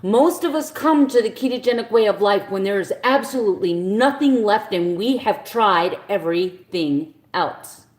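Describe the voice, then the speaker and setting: A woman, ranting passionately and bluntly as she talks to her viewers on a casual live stream. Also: lowish voice. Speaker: keto vlogger on a live stream. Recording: echoey room.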